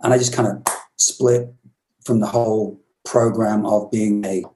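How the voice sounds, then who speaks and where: A British man in his fifties with a low, mellow voice recounts stories as an interview guest. He rambles and restarts, reflective rather than polished. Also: steady tone, a little slow, poor audio. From Britain. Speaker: musician guest. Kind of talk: storytelling interview.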